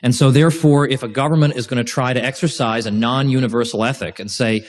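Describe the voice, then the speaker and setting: A male lecturer talks a class through an outline in a lively, informal way. His voice sits at an ordinary middle pitch, and he breaks off with asides and quick restarts. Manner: animated, joking asides, frequent restarts. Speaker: host and lecturer. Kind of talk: informal university-style lecture. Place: lecture room with a live class.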